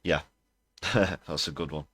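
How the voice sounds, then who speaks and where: Deep-voiced sarcastic male streamer. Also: fairly even intonation, slow, a bit bright, husky, no echo, studio quality. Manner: sarcastic, scornful commentary. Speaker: livestream host. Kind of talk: political commentary on a livestream.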